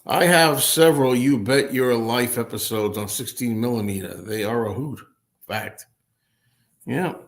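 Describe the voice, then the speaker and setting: A man's voice: medium pitch, measured pace. A man hosting a casual livestream, chatting and answering viewer comments as they come in. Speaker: livestream host.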